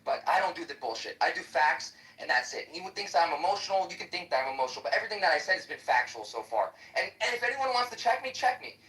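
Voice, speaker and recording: Man, combative profane ranting, quick talker, bright sharp tone, echoey distant audio. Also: on the high side, sing-song. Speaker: debater in a live app chat room. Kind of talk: heated live debate.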